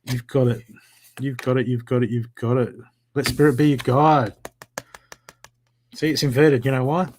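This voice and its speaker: A man giving live psychic readings from home, talking in an animated, encouraging way with a lot of repetition. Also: mid-range voice, moderate pace, pauses often, a little hiss or hum. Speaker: psychic reader. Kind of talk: live-streamed spiritual reading.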